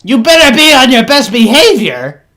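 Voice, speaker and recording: A man voicing a haughty, quick-tempered floating eye monster in a tabletop game, sneering and barking when provoked. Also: medium pitch, a bit bright, pitched below the performer's own voice. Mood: angry.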